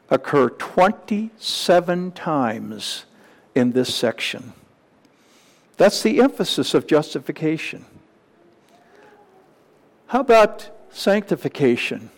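Slow, lively-voiced male preacher. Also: a little high. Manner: slow, emphatic, with repeated phrases and rising questions. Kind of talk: sermon teaching with slides.

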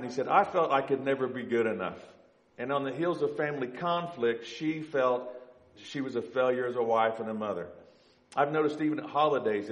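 A man's voice: medium pitch, roomy sound, poor audio. A man giving a conversational sermon to his congregation in a church, telling stories and speaking straight to the people in the pews. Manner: conversational, animated when joking. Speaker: pastor. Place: church sanctuary with stage lights.

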